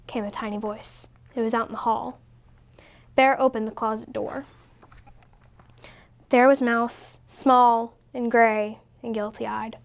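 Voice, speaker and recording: A woman reading a children's picture book aloud in a slow, expressive way. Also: a little high, creaky. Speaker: story reader. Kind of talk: storybook read-aloud.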